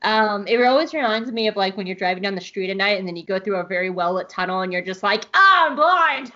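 A woman co-hosting a podcast, recapping an episode in an excitable, gushing way with playful asides. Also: mid-range voice, fast talker, lo-fi sound. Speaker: podcast co-host.

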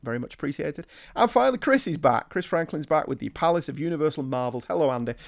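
A man's voice: a little high, very animated, quick pace, vocal fry, dry recording, clean studio sound. A middle-aged man hosting a solo podcast, reading listener emails aloud and answering them in a chatty, rambling, self-deprecating way. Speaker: podcast host.

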